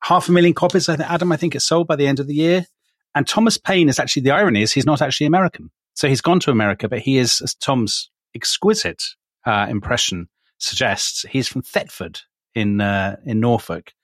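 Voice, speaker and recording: A man at a middling pitch hosting a history podcast, giving context briskly and adding wry asides. His voice sounds dry and close to the mic. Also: no echo. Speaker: podcast host.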